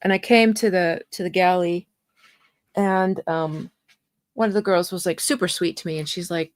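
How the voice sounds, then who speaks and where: A woman's voice: mid-range voice, moderate pace, no echo, clean studio sound. A woman co-hosting a podcast, chatting casually and telling rambling anecdotes. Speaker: podcast co-host. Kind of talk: casual chat.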